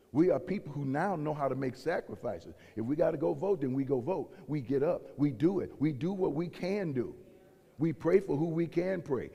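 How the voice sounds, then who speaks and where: Gravelly-voiced preacher man in echoing hall. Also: on the high side, dark tone. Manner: preaching with rising intensity and quoted voices. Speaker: pastor. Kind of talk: sermon. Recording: long reverb of a large hall.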